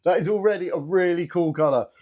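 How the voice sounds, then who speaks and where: A man's voice: high voice, fast. Nervous chatty man narrating his work. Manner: chatty, nervous and excitable, thinking aloud as he works. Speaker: channel host. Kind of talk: casual hands-on workshop narration.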